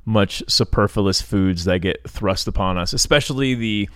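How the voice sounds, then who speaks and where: A man's voice: lowish voice, moderate pace, smooth, dry recording, clean studio sound. A man co-hosting a podcast in casual chat, telling rambling anecdotes and laughing easily. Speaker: podcast co-host.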